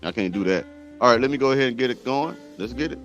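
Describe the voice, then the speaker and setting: A man's voice: medium pitch, animated, fast, dull audio, soft background music. Heated, blunt male host ranting. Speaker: host reacting to a clip. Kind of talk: commentary rant.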